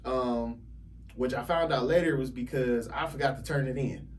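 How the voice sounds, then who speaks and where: A man telling a story on a podcast as a realtor guest, animated and laughing often as he acts out other people's lines. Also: medium pitch, normal speed, distant mic, a little hiss or hum. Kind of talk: casual storytelling.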